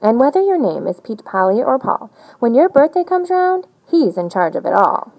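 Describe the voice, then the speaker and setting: Woman reader, sing-song rhymes, lively swooping pitch, storybook read-aloud. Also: normal speed, lo-fi sound. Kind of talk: reading a rhyming picture book aloud.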